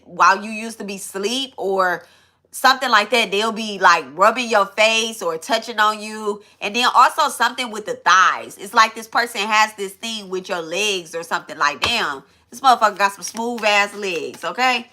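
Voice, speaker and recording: A young woman with a bright, forceful voice gives an informal tarot reading straight to her viewers. She talks loosely, swears often, and keeps breaking off and restarting her sentences. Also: medium pitch, normal speed. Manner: casual, swearing, thinks aloud with many restarts. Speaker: tarot reader.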